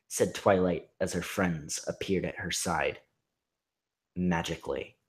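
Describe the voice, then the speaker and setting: A husky man reading fan fiction aloud in hushed, half-whispered deadpan narration. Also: deep voice, measured pace. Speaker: reader.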